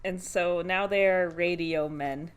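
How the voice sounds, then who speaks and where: A woman's voice: fairly low pitch, fairly even intonation, measured pace, clear, resonant tone. A woman co-hosting a podcast, chatting casually and giggling as she recaps a cartoon episode and acts out the characters' lines. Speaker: podcast co-host.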